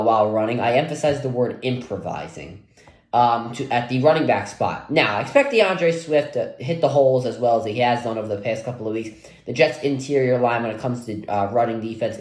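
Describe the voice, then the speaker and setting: A man's voice: fairly low pitch, darkish tone. A young man giving a casual solo football preview, rambling with lots of fillers. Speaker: sports vlogger previewing a game. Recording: echoey room.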